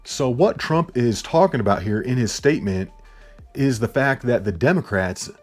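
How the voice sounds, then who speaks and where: Loud ranting man with faint music. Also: medium pitch, expressive, moderate pace. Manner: loud, heated, yelling; repetitive, blunt, profane. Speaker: political commentary vlogger. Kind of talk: ranting political commentary.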